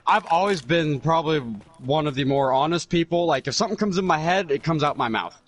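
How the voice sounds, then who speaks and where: A young man chatting over a video game, telling rambling, profane childhood anecdotes with lively quoted voices. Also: fairly high pitch, fairly quick. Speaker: gamer telling stories. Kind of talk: casual chat over gameplay.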